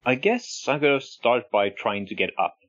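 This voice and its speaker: A man playing a casual tabletop game, thinking aloud in a measured way. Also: medium pitch, sing-song, a bit bright, no room sound, lo-fi sound. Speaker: player.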